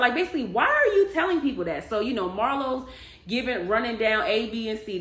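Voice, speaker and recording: A woman recapping a reality show in a casual, animated, chatty way, with emphatic storytelling. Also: on the high side, a little fast. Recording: echoey room.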